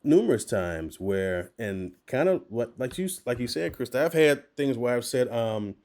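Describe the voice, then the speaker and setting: Animated man telling stories with laughter. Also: medium pitch, normal speed. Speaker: voice actor guest. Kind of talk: candid podcast storytelling.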